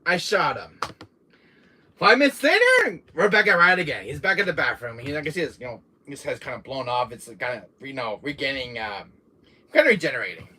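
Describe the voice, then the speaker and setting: Male streamer, bright tone and lively pitch, laughing and swearing as he tells the story. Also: fairly quick, breathy edge. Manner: laughs often, swears, animated retelling. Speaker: game streamer.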